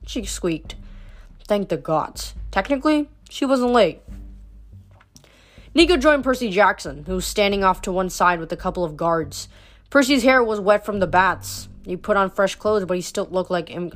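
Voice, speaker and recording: Woman reading aloud, stumbling and restarting. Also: lowish voice. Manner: unpolished reading with frequent slips and restarts. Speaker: audiobook reader.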